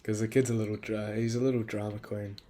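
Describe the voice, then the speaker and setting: A man's voice: lowish voice, flat delivery, fast, mellow. A young man, rambling through a casual, profane and self-critical solo podcast monologue. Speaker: podcast host.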